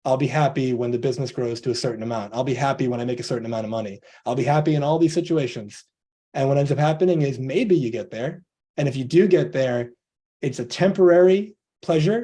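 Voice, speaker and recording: A man's voice: medium pitch, dark tone. A man giving a motivational coaching talk on a video call, earnest, acting out both sides of imagined conversations.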